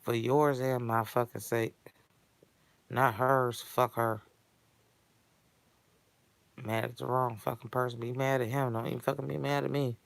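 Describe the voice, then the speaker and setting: A woman delivering a blunt, foul-mouthed comedic rant in streetwise slang that builds to shouting. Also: a bass voice, level tone, unhurried, gravelly, pauses often, no echo. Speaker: character monologue performer.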